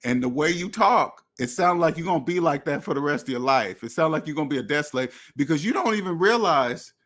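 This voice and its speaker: A man with a slightly higher-than-usual voice lecturing his viewers bluntly about money. He repeats himself, restarts his sentences and talks straight at the listener. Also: lively intonation, a little fast, fairly bright tone. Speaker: finance channel host. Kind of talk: direct-to-camera rant.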